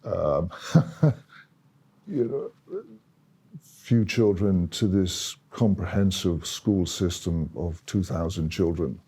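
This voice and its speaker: An older man with an Irish accent, slowly and reflectively telling about his childhood in an interview. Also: deep voice, husky. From Ireland. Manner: slow, reflective, with soft laughs.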